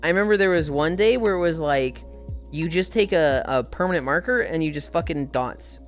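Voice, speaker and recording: A woman's voice: sits low, moderate pace, faint music behind. A woman in her twenties streaming casually, telling profane stories and reading chat aloud.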